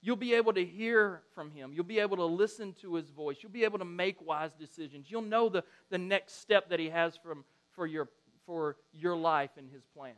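Animated high-voiced preacher. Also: male voice, normal speed, hardly any pauses. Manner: animated storytelling, acts out quotes. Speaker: pastor. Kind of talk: sermon.

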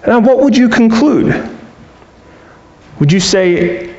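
A man's voice: extremely high pitch, expressive, slow, pauses often, mellow, reverberant, muffled recording. A man preaching a sermon, earnestly asking his listeners questions and acting out little quoted exchanges. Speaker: pastor.

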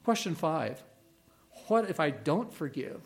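A middle-aged man preaching a sermon as a pastor, earnest and emphatic, pausing and repeating key words. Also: a little high, very animated, gravelly.

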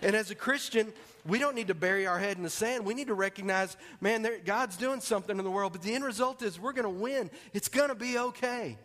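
A man preaching a sermon, telling a story in an animated way and acting out its scenes. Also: high voice, fairly quick. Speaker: pastor. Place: church sanctuary. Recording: long hall reverb.

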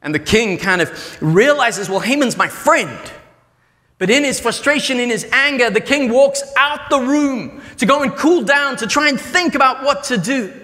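A high-voiced, bright man preaches, retelling a story and acting out each character's lines with energy. His voice rings out with a long reverb, as if in a large hall. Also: animated, moderate pace, hardly any pauses. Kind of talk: sermon storytelling.

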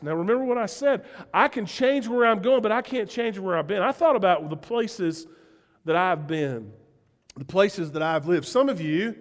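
High-voiced Southern pastor in a reverberant hall. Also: male voice. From Southern United States. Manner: earnest and emphatic, addresses listeners directly with repeated questions. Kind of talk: conversational sermon.

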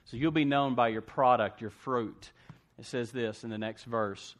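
A man preaching a sermon to a church congregation, asking "amen?" and swinging from hushed asides to loud emphasis. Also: medium pitch, normal speed. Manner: call-and-response preaching, asks congregation "amen?". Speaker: pastor.

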